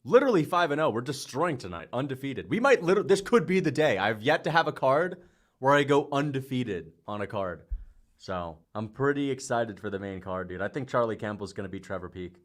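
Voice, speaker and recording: A young man streaming live, calling fight picks with hyped, shouting bursts, swearing and playful trash talk. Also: medium pitch, expressive, a little fast. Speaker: livestreamer making fight picks. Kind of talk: excited livestream reaction commentary.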